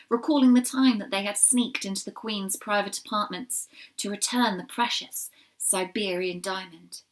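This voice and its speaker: A woman reading a children's storybook aloud, expressive, with small slips and asides to her listeners. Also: medium pitch. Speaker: reader.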